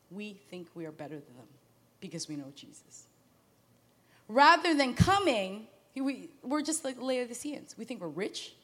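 A woman pastor preaching a sermon in an animated way, laughing at times and acting out the voices she quotes. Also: mid-range voice. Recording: long hall reverb.

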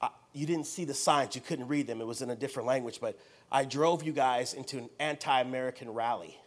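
A man's voice: mid-range voice, fairly quick, pitched below the performer's own voice, natural voice. A man voicing a frightened young male driver who pleads in breathless, repeated apologies. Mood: shaken.

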